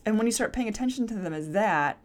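A woman's voice: mid-range voice, lively intonation, quick pace. Chatty woman hosting a solo podcast. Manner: reflective, talks through rhetorical questions with many "like" fillers. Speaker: podcast host. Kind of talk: casual solo podcast monologue.

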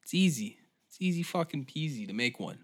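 Man, podcast host, swearing rant, exasperated, bright forceful voice. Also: medium pitch, expressive, fairly quick. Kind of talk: profane comedic rant.

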